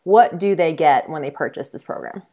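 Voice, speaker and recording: Bubbly low-voiced woman host. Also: mellow. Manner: bubbly, laughing, rapid-fire questions. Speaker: host, fitness coach. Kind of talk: casual conversation. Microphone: phone or online call.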